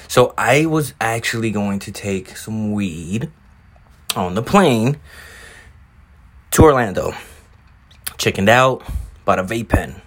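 A man with a fairly low voice talks in a loose, rambling way on his own podcast. He curses freely and keeps things casual. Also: fairly bright tone. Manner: rambling, profane, laid-back. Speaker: podcast host. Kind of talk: casual solo chat.

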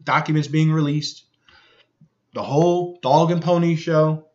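A man's voice: a little high, fairly even intonation, a little slow, a little mellow. A man reading news reports aloud and commenting on them. He repeats phrases for emphasis and keeps checking in with the listener. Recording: dull lo-fi recording.

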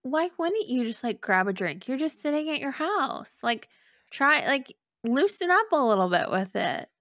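A woman co-hosting a podcast in casual chat, relaxed and laughing along. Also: high-pitched, moderate pace, no room sound, studio quality.

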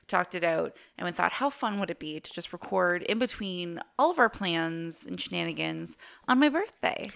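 A woman co-hosting a casual podcast chat, bubbly and quick to laugh. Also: fairly low pitch, lively intonation, vocal fry, fairly bright tone. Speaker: podcast co-host.

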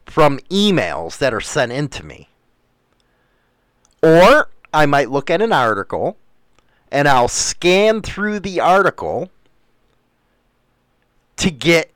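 A man's voice: sits high, fairly bright tone, clear, resonant tone, no room sound. A middle-aged man hosting a radio show, rambling bluntly and swearing freely in a casual monologue.

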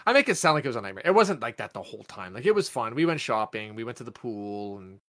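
A man of middle pitch chats on a podcast, cursing freely as he spins a rambling story from his weekend. He fills his sentences with "like" and jumps higher in pitch whenever he acts out what someone said. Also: fast talker. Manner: profane, animated storyteller with many "like" fillers; jumps up in pitch when acting out quotes. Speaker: podcast co-host. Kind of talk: casual storytelling chat.

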